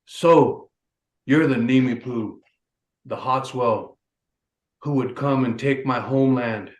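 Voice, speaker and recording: A man voicing a huge, proud male grizzly bear in a spoken folk tale, booming and slow, with a roomy echo. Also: close to an everyday voice. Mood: menacing.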